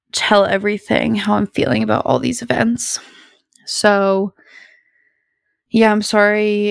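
A woman's voice: medium pitch, creaky, no room sound, studio quality. A young woman hosting a podcast at home, chatting casually in a rambling, bubbly, self-deprecating way. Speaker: podcast host. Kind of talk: casual solo chat.

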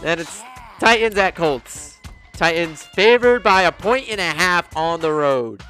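A man's voice: fairly high pitch, animated, unhurried, bright, forceful tone, soft background music. A man co-hosting a casual sports podcast, reading out betting lines and teasing his co-host.

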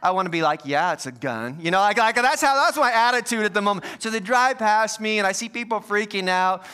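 Male pastor, clear smooth voice, self-deprecating storyteller in the pulpit. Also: high-pitched, quick pace, bright, forceful tone. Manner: storytelling, self-mocking humor. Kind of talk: sermon with personal story.

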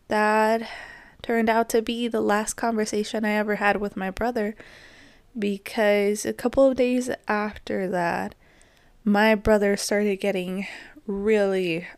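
A woman's voice: mid-range voice, flat delivery, slow, smooth, no room sound. Dry-voiced woman recalling family memories. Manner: reflective, gently hesitant. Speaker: podcast host. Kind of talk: personal storytelling.

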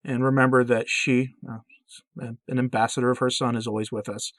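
A man's voice: medium pitch, flat delivery, brisk, a bit bright, no echo. Male narrator, earnest devotional reading, mid-range voice, dry close recording. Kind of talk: narrating a religious account.

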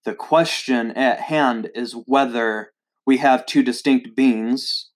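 A man's voice: medium pitch, steady tone, slow. A man hosting his own video, critiquing an article, hesitant with many fillers and restarts, and reading long quoted passages aloud. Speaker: video host.

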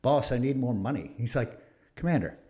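A man's voice: medium pitch, brisk. A man in his fifties, a retired Navy officer as the guest in a casual interview, telling stories and acting out the voices of people he quotes. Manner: animated storyteller acting out quoted exchanges.

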